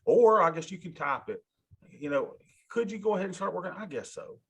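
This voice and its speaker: A man lecturing a college class, animated and folksy, talking straight to his students in a classroom. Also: high-pitched, fairly quick, husky, muffled recording. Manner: animated, talks to students directly, folksy asides. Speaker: college instructor.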